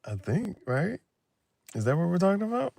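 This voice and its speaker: A young man talking casually late at night in loose slang, laughing often and swinging between loud bursts and mumbles. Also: sits high, sing-song, normal speed, creaky, slight background noise. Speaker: vlogger.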